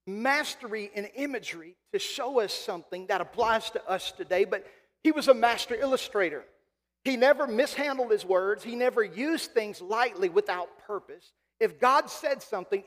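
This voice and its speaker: A male pastor preaching a sermon. He is emphatic, slows right down to stretch key phrases, and then drops to a quieter, conversational tone. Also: high-pitched. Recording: long reverb of a large hall.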